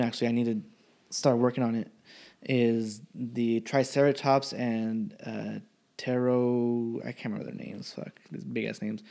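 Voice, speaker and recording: A man's voice: mid-range voice, a little mellow. A young man, a college student, in a rambling, profane casual chat. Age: young adult.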